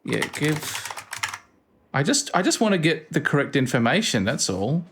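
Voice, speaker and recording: A man's voice: on the high side, sing-song, normal speed, a bit bright, slight background noise. A man hosting a let's play, thinking aloud and reading out game commands with dry asides. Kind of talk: casual gameplay commentary.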